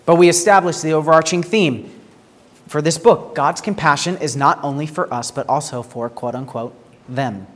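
A man's voice: fairly high pitch, moderate pace. Earnest preaching man in a reverberant hall. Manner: earnest, rhetorical questions, repeats words when starting phrases. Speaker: pastor. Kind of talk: sermon.

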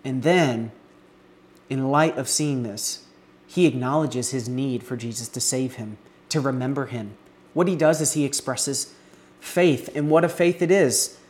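A man preaching an expository sermon, earnest, building emphasis on key words and pausing to restart now and then. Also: mid-range voice, a little mellow.

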